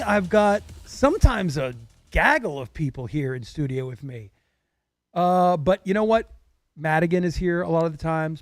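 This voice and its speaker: Male host of a live card break. High, upbeat voice, chatty, reads names with plenty of "uh"s, faint music underneath. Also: dry recording. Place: small studio.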